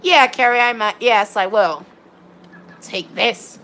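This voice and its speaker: A woman giving excitable, rambling live commentary on her gameplay while chatting with viewers. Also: fairly high pitch, takes it slowly, slight background noise. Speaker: game streamer.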